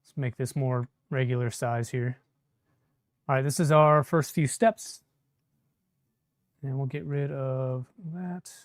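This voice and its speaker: Assembling a 3D printer on a live stream, a man chats casually and responds to viewer comments, a little jittery from caffeine. His mid-range voice is fairly even and slow, with long pauses, recorded in a clean studio with no echo.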